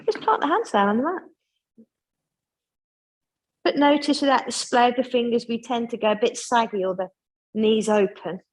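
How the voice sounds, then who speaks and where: A woman leading a guided yoga class, giving gentle, chatty instructions with friendly asides. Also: fairly high pitch, moderate pace, long pauses, poor audio.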